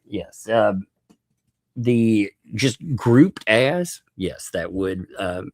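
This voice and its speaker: A man's voice: fairly low pitch, lively intonation, drawn-out words, a little mellow, dry recording, studio quality. A man hosting a live stream, chatting casually, laughing often and thanking viewers by name.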